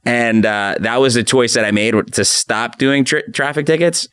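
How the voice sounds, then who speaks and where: A man's voice: mid-range voice, normal speed, clean tone, dry recording, clean studio sound. A man hosting a podcast as an attorney, chatting casually and acting out the people in his stories. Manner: animated storyteller acting out quotes. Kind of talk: casual conversational storytelling.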